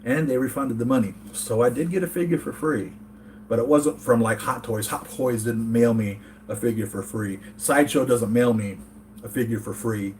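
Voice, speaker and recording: A man from the United States hosts a toy collector channel, doing a casual live-chat vlog from home. He rambles earnestly and reads chat comments aloud in a mid-range, somewhat mellow voice at a moderate pace, with slight background noise.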